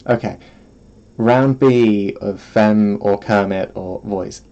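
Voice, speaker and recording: Rambling, gravelly-voiced male streamer. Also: lowish voice, extremely slow, mellow, highs cut off. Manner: rambling, self-deprecating, giggly. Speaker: vtuber streamer. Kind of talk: casual solo stream chat. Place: at home.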